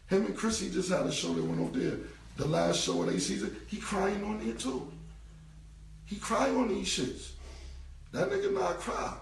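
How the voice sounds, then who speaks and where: A gravelly, sing-song voice pitched high comes from a rapper in his forties, ranting casually on a phone livestream at a moderate pace. He swears, pushes his points hard, and repeats them. The phone is held away, so he sounds distant in a roomy echo, with a little hiss or hum.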